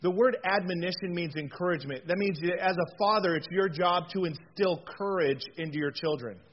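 A man preaching a conversational sermon in a chatty, animated way, with frequent fillers and rhetorical questions. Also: sits high, fairly quick. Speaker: pastor. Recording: dull lo-fi sound with faint noise.

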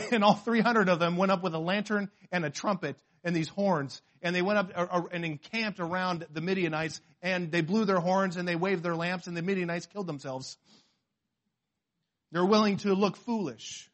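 A man from the western United States preaching a sermon in a lively, conversational way, acting out quotes and often restarting his sentences. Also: high voice, fairly quick, few pauses. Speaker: pastor.

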